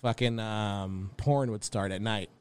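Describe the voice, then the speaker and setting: A man's voice: on the low side, steady tone, a little slow, smooth. A young man, a comedian, telling crude stories in a casual podcast chat, swearing freely and laughing often. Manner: profane, storytelling, laughs often. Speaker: comedian guest.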